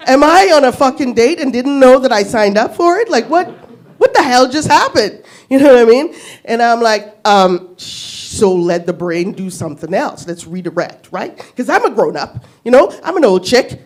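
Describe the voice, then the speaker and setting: A woman's voice: fairly high pitch, sing-song, normal speed. A woman in her fifties doing stand-up, telling a story in a brash, profane way and laughing at her own lines. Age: 50s. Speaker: stand-up comic. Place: comedy club stage.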